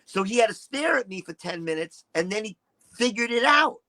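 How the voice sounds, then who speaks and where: A high-voiced profane man in his sixties. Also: fairly quick, poor audio. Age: 60s. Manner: profane, animated, acts out quotes. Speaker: interview guest, retired shock-rock performer. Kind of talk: candid storytelling interview.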